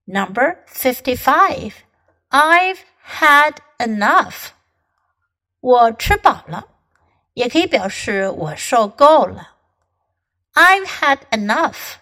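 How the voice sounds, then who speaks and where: A woman English teacher reading short English phrases with Chinese explanations and acting out example dialogues. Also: sits high. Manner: slow, careful, expressive, acting out example lines. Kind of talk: language lesson with acted example dialogues.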